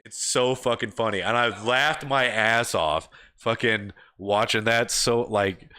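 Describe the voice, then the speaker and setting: A young man co-hosting a casual podcast, swearing freely, laughing often and acting out loud yelled quotes. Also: mid-range voice, measured pace, clear, resonant tone. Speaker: podcast host. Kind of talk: casual chat.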